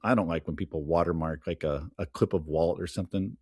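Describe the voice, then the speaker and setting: A man's voice: low-pitched, fairly even intonation, fast talker, a little mellow, husky, dry recording, studio quality. A man chatting as a podcast guest, telling film trivia with enthusiasm. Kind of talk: casual chat.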